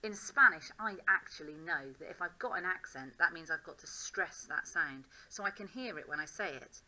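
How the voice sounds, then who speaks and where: An English woman with a low-set but very bright voice talks through her written work as a teacher. She thinks aloud in an upbeat, self-encouraging way, as in a classroom demonstration. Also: animated, normal speed, rough recording.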